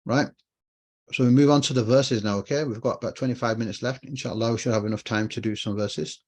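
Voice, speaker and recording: This online Arabic teacher moves at a quick pace yet stays patient, repeating important phrases and answering his own questions. He has a mid-range, darkish voice with a steady tone.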